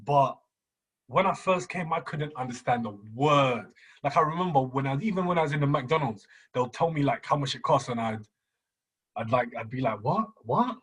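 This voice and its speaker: A young man co-hosting a casual podcast chat, slangy and quick to laugh, often repeating his words. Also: medium pitch, a bit bright, slightly rough. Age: young adult. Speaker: podcast co-host.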